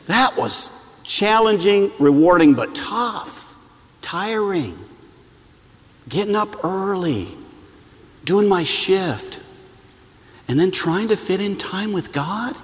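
High-voiced guy preaching a sermon, lively storyteller, long echo off the hall. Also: a little slow. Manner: animated storytelling, repeats lines for emphasis.

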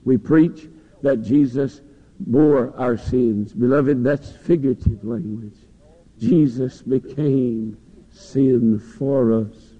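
A man preaching a sermon in a church, with passionate, rising and falling delivery. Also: mid-range voice. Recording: dull lo-fi recording in a long-echo hall.

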